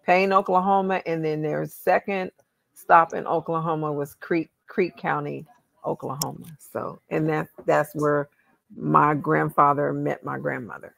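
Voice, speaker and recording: In a dry recording, a woman with a Southern US accent, originally from California, hosts a casual genealogy chat, reasoning aloud as she researches on screen. Her voice is deep, creaky, and fairly bright, delivered flatly and without hurry.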